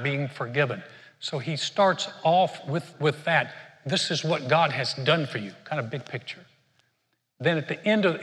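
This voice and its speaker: A man's voice: medium pitch, fairly bright tone, long reverb tail. An older man preaching a sermon in a conversational way, often repeating words as he restarts his sentences. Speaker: pastor.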